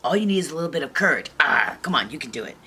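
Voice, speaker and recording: A woman voicing a brash, cheerful female spirit of courage who talks loud and pushy in a storybook tale. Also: low voice, lively intonation, rapid-fire, a little hiss or hum. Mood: encouraging.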